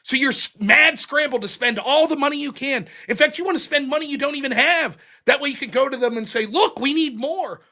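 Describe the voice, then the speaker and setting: A young man hosting a call-in show, telling stories in a profane, animated way and putting on mocking voices for the people he quotes. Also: very high voice, fast talker, hardly any pauses. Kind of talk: casual call-in chat.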